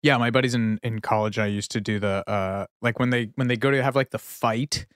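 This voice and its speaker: A man's voice: fairly low pitch, fairly even intonation, brisk, fairly bright tone, clear, resonant tone, no room sound, clean studio sound. Rambling, laid-back male podcast host. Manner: rambling, self-deprecating, full of fillers and laughs. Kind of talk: casual podcast chat.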